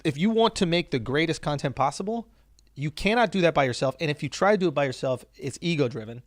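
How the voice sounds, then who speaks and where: Male comedian guest, animated and profane, a bit high-pitched, dry sound. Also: fast, no room sound. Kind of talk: casual chat.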